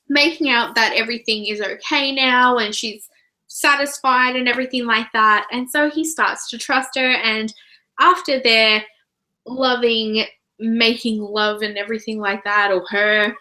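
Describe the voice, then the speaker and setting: A woman's voice: a little high, unhurried, rough recording. A woman with an Australian accent, hosting a casual book discussion in a chatty, giggly way. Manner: chatty, giggly, animated retelling. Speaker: book reviewer, channel host.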